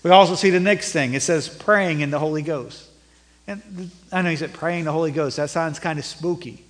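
A middle-aged male pastor preaching a sermon, rising to emphatic peaks and then dropping low and conversational. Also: fairly quick. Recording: long reverb of a church hall.

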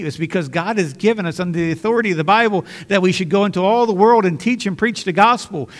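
A male pastor preaches in an earnest, conversational way, often restarting sentences. His voice sits somewhat high and carries a long hall echo. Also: fast, few pauses. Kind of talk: sermon.

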